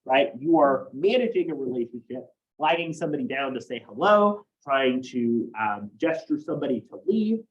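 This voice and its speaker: A man's voice: mid-range voice, expressive, normal speed, highs cut off. A man teaching a college class, explaining ideas step by step and often checking in with "right?". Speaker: college instructor. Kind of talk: classroom lecture.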